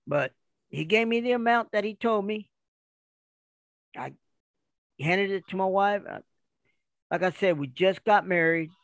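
A middle-aged man from Kansas City, a retired wrestler, telling stories from his life in a casual, animated way and acting out the people he quotes. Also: sits high, unhurried, pauses often, dry recording. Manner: animated, acts out quoted dialogue. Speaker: retired pro wrestler, guest. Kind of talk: casual storytelling.

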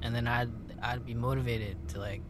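A man doing a deadpan half-frog sidekick. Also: medium pitch, normal speed, a little hiss or hum, close to an everyday voice. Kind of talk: improvised comedy podcast.

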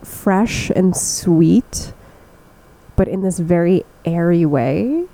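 A woman's voice: on the low side, expressive, drawn-out words, vocal fry, dark tone, rough recording. A young woman co-hosting a casual chat, describing scents in detail and laughing often. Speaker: podcast co-host. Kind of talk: casual chat about fragrances.

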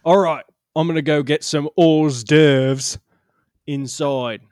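A man's voice: fairly high pitch, steady tone, a little mellow, no room sound, clean studio sound. A man playing a bossy boss who leans in and lays down the law to his new driver, in an improvised comedy scene. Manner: bossy, conspiratorial, fast-talking. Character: gruff middle-aged male boss hiring a driver.

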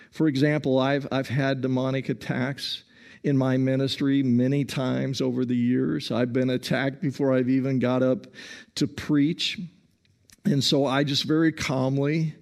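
Man, pastor, sermon, slow and deliberate, calm and earnest, small restarts. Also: medium pitch. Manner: calm, earnest preaching with repeated "listen" and slow emphasis; frequent small restarts and stammers.

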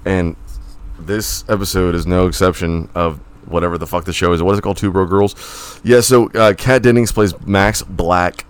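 A man's voice: deep voice, fairly even intonation, normal speed, clear, resonant tone. A young man co-hosting a casual podcast, rambling and swearing, laughing often. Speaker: podcast co-host.

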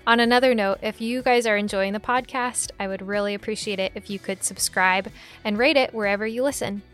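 A woman's voice: mid-range voice, fairly even intonation, brisk, fairly bright tone, soft background music. A woman hosting a podcast, upbeat and encouraging with her guest. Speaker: podcast host. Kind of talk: casual podcast interview.

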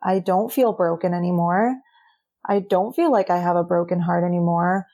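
A young woman with a slightly low voice talks candidly as an interview guest. She is earnest and chatty, with frequent "like" fillers, and her pitch sits a little under the usual range. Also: moderate pace, dark tone. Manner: chatty, earnest, says "like" often. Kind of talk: candid personal storytelling.

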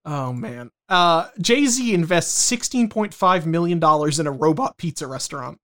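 A man's voice: fairly high pitch, expressive, moderate pace, fairly bright tone. A man co-hosting a podcast in casual banter, swearing casually and reading news items aloud. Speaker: podcast co-host.

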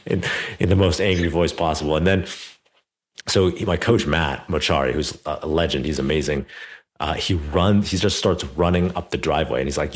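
A man's voice: a bass voice, brisk. A man hosting a podcast interview, telling a personal story casually with lots of "like" and "you know". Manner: animated, many fillers like "like" and "you know". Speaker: podcast host.

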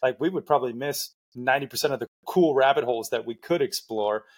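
Male podcast host, husky voice, chatty and easygoing, mid pitch. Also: fast. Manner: chatty, laughs often, many fillers. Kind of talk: casual interview talk.

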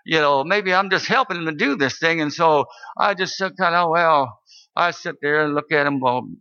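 A man's voice: a little high, moderate pace, pushed and bright, clear, resonant tone. An older man, a minister, telling a story in a sermon with earnest, sometimes fervent delivery. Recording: dull lo-fi recording.

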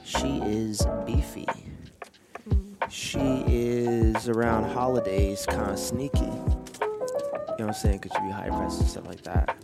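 A man's voice: fairly low pitch, steady tone, slow, creaky, loud music behind the voice. A man hosting a podcast in casual chat, playful and teasing. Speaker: podcast host.

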